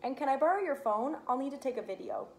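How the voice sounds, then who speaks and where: A woman's voice: high voice, animated, fast, darkish tone, slight background noise, pitched above the performer's own voice. A woman voicing a young, animal-loving girl in a storybook read-aloud, with an eager, friendly manner.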